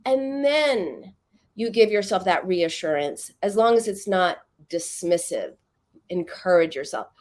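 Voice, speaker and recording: A middle-aged woman speaks as an expert guest, explaining her method in an even, mid-pitched voice. She tells stories with animation and briefly puts on the voices of the people in them. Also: a little slow. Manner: animated storytelling, acts out quoted voices. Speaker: psychoanalyst guest. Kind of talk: interview conversation.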